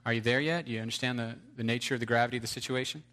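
A man's voice: medium pitch, fairly even intonation, very fast, a bit bright. A man preaching an earnest sermon, telling a story to his congregation.

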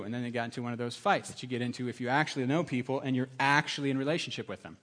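A middle-aged man preaching a sermon, telling stories with lively, animated delivery and acting out other people's voices. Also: racing. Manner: animated storytelling, acts out voices with big pitch jumps. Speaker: pastor.

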